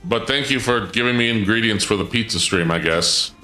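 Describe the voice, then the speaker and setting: A man live-streaming, chatting with his viewers in an excitable, stammering way, his voice often leaping up when surprised. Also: lowish voice, brisk. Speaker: livestreamer. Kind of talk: live-stream chat banter. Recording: echoey room with game music behind.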